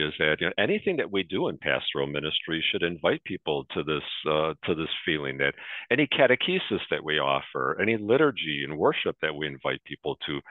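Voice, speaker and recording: A man's voice: deep voice, no echo. A man in his sixties hosting a webinar interview, leading the talk with friendly personal stories. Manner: warm anecdotal, leading the discussion. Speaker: webinar host. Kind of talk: conversational interview. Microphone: video call. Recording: dry, phone-like narrow sound.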